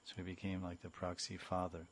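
A man's voice: sits low, monotone, slight background noise. A man giving a devotional scripture lecture, chanting mantras and singing verses before explaining them. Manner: sings verses, then explains them slowly. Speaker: spiritual teacher.

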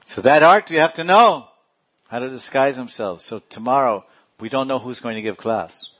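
A man's voice: mid-range voice, moderate pace, a bit bright. A man giving a playful storytelling religious talk, laughing often and acting out characters. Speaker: religious teacher.

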